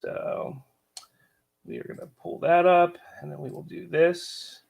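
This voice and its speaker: A man's voice: on the high side, steady tone, measured pace, vocal fry, a little mellow, slightly rough. A man in his thirties hosting a casual family chat as a father, easygoing and joking, chuckling often. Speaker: podcast host and father.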